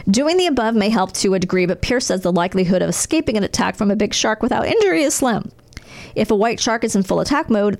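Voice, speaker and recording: A woman's voice: medium pitch, creaky. A woman co-hosting a casual podcast, reading and telling a story with jokes along the way. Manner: jokey, animated storyteller. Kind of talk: casual chat.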